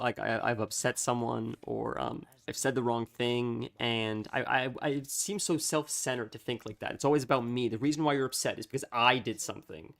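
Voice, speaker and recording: A man streaming a game, chatting casually, thinking out loud in a rambling way and laughing easily. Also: medium pitch, gravelly. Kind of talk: casual chat while gaming.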